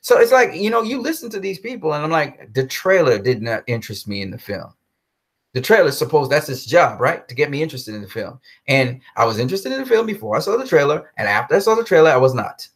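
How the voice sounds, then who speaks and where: Fired-up guy cursing thru a movie rant, voice on the high side and jumping all over. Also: fast, hardly any pauses, husky. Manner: blunt, profane, animated, repeats himself for emphasis. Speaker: commentary host. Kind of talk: ranting film commentary vlog.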